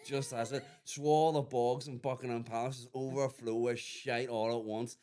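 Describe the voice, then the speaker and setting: A man's voice: mid-range voice, steady tone, normal speed, dark tone. A man, a guest in a casual podcast chat, ranting and joking with plenty of swearing.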